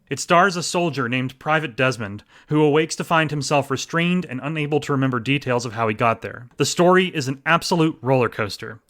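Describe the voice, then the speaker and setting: A man's voice: a little high, fairly bright tone. A man in his thirties hosting a podcast, chatting enthusiastically about stories he enjoyed and joking at his own expense. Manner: enthusiastic, chatty, self-deprecating. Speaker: podcast host. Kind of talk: casual podcast recommendations.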